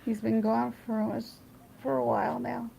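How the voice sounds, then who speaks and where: A woman talks loosely to her viewers in a casual livestream, reading the chat and wandering between stories. Her voice is heavily gravelly with a dark, mellow tone. A faint hiss sits behind her. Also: a little high, level tone, moderate pace, poor audio. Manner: rambling, personal, trails off and restarts.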